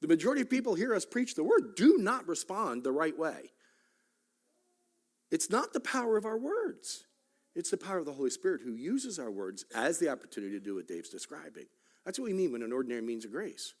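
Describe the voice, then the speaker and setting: A man's voice: fairly high pitch, big pitch swings, fairly quick. Guy teaching sunday school, voice bounces up and down a lot, jokey asides, keeps asking "right?". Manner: joking asides, frequent "right?" and "okay?". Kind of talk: conversational church teaching. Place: church Sunday school class.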